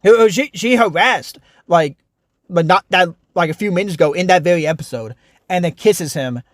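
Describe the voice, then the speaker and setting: A man's voice: high voice, moderate pace, no room sound, studio quality. A young man giving a casual, frustrated, rambling review of a TV show, full of restarts and fillers.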